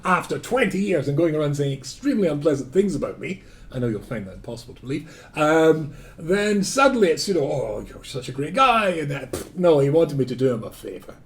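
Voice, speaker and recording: A man's voice: a little high, brisk. An older man with a Scottish accent, a rabbi giving a lecture and telling stories with dry humor. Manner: animated storytelling with humor and asides.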